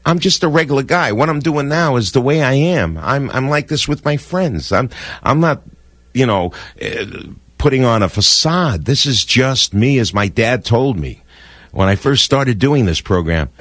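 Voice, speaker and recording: A man's voice: medium pitch, lively intonation, a little slow, fairly bright tone, no echo. An older man hosting a radio show, talking in an effusive, sentimental, rambling way from a studio microphone. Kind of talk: warm casual radio talk.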